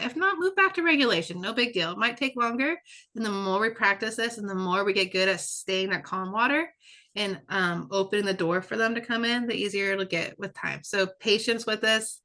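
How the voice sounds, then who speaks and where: A woman's voice: mid-range voice, bright, forceful tone. A woman presenting a webinar lecture in a conversational way, often checking in with "right?" and repeating words for emphasis. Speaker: presenter and curriculum developer.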